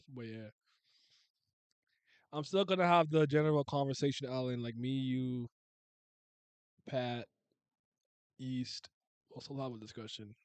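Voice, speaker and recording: A man's voice: medium pitch, a little mellow, dry recording. A man in his thirties, from Canada, chatting casually and rambling with viewers as a streamer. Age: 30s. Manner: rambling, restarts and laughs, uses slang.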